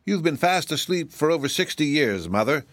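A man's voice: a little high, sing-song, normal speed, fairly bright tone, no room sound. A man voicing a small, hungry young male dragon who whines and keeps pressing his questions. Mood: pleading. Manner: whiny and persistent.

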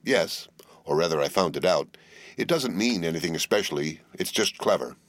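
A man's voice: low voice, lively intonation, normal speed, no echo. A man voicing a bored, witty young heiress who talks in a cool, teasing, languid way.

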